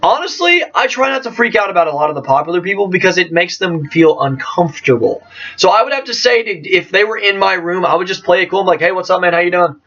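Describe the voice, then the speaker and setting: Excitable high-voiced young man vlogging. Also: fast. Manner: excitable, jokey, trails off and restarts. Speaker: vlogger answering viewer questions. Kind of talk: casual chat. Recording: distant, dull lo-fi mic.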